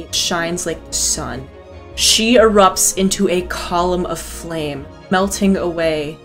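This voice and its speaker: A woman game master narrating a tabletop game, intense and unfiltered, with casual swearing. She sinks to a hushed tone for the grave beats. Faint music plays underneath. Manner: intense, swears freely, drops low for solemn moments.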